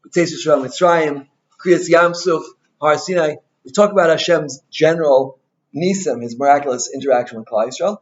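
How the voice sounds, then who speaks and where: A male rabbi giving an informal Torah talk, an animated storyteller who mixes in Hebrew and Yiddish terms and keeps asking "right?". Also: fairly high pitch, moderate pace, dull audio.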